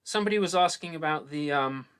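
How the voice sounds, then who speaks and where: A man's voice: a little high, quick pace, fairly bright tone, clear, resonant tone. A middle-aged man from Britain with a British accent, hosting a casual chat with jokey, rambling stories and frequent laughs. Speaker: host.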